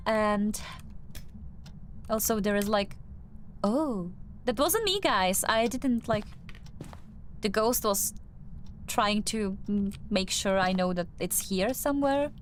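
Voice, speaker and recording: A young woman with a non-native English accent talks her way through a game, slow and unhurried, a little high in her register. She trails off often, restarting sentences and leaning on fillers as she searches for the English words. A faint hiss of background noise sits under her voice. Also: expressive. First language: not English. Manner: hesitant, many fillers and restarts. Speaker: streamer. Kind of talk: casual gameplay commentary.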